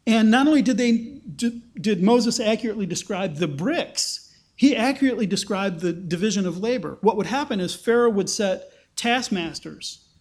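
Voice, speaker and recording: A man preaching an expository sermon in an animated way, acting out the quotes he tells. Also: normal speed. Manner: animated, acts out quotes with rising pitch. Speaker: pastor.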